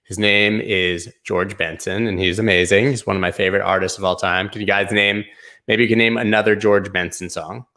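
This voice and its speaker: A man with a very low voice, gravelly and full of vocal fry, talks his way through price charts on a live stream. His manner is loose and slangy, wandering from point to point. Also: fairly even intonation, a little fast, sharp tone. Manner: loose, rambling, slangy, hums and sings snippets. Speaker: crypto show host. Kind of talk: casual live chart commentary.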